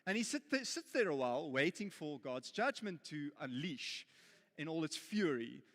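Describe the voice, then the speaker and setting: A man's voice: fairly high pitch, big pitch swings, normal speed, a bit bright, long reverb tail. A man with a South African accent preaching a sermon, telling a story in a jokey, playful way, then turning earnest. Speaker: pastor. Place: church auditorium.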